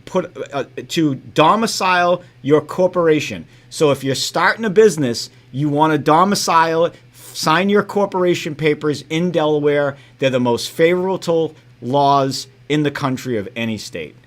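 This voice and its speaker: A middle-aged man co-hosting a casual sports podcast, giving earnest explanations that drop off quietly at the ends. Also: a little high, normal speed. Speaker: podcast co-host.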